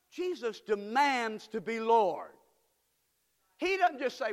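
A male pastor preaching a sermon in a church, fervent and building to repeated shouts. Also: very high-pitched, sing-song, moderate pace. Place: church sanctuary. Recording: long hall reverb in a church.

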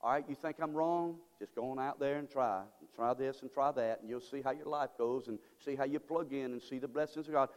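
A man preaching a sermon as pastor, moving from quiet, halting asides to loud, drawn-out exhortation. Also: mid-range voice, long reverb tail. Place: church sanctuary.

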